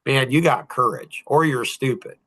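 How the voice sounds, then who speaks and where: A man's voice: mid-range voice, normal speed, sharp tone. A man in his sixties hosting a podcast, talking casually in a blunt, emphatic, preachy way. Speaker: podcast host.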